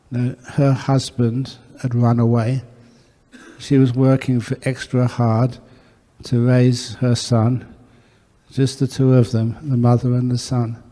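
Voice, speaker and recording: A man, a Buddhist monk, telling stories in a dharma talk and acting out the dialogue. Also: medium pitch. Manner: warm anecdotal storytelling with acted dialogue. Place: monastery hall. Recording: long hall reverb.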